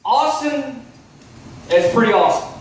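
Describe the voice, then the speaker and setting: Stand-up comic, male, from Texas, high voice, echoey club heard from afar, keeps asking the crowd. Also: expressive, a little slow, far from the mic, a little hiss or hum. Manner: chatty, asks the crowd "right?" often, swears. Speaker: stand-up comedian. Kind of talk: stand-up set. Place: comedy club stage.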